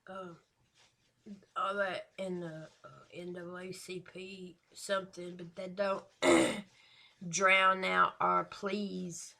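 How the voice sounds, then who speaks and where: A woman's voice: lowish voice, flat delivery, takes it slowly. A woman hosting a reaction video, chatting casually and stretching out the words she wants to stress.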